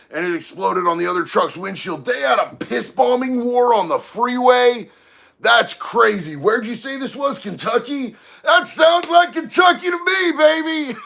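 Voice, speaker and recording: A man's voice: on the high side, pushed and bright. A man hosting a casual livestream, reading chat aloud and talking in a laid-back, slangy way. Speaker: livestream host.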